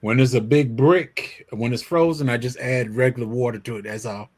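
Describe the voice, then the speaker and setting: A man's voice: mid-range voice, fairly even intonation, normal speed. A man chatting casually, giving short laid-back, matter-of-fact answers. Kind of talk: casual chat.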